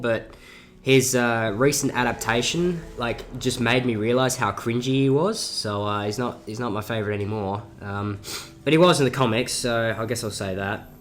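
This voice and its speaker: A man's voice: mid-range voice, fairly bright tone. A seventeen-year-old man with a South Australian accent, rambling through a casual Q&A vlog with lots of fillers and swearing. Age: teens. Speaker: YouTuber.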